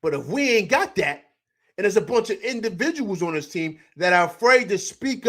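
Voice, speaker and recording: Hosting a live postgame sports show, a middle-aged man speaks at normal speed in a voice that sits high. He reads out chat comments and answers them, animated, emphatic, and prone to repeating himself.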